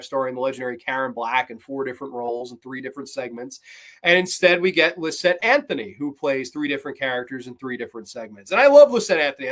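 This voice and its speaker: Male host, fairly high voice, excitable, chatty horror-review delivery. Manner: enthusiastic, rambling, with fillers and mock-quoted lines. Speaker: podcast host. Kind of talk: casual horror movie review.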